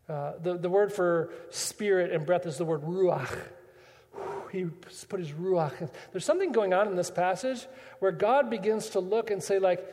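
A man's voice: high-pitched, normal speed, darkish tone, in a large hall. A man preaching a sermon as pastor, chatty and full of rhetorical questions.

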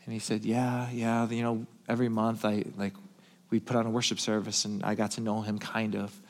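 A male pastor preaching, telling a story in a hushed, tender voice and then building to emphatic calls. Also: on the low side, little pitch movement, fairly quick. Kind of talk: sermon storytelling.

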